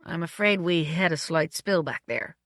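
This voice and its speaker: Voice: medium pitch, normal speed, fairly bright tone, no echo, studio quality, close to an everyday voice. A reader doing an eager, polite young stand-in. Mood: cheerful. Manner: polite, eager, slightly fussy. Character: cheerful, polite young male stuntman.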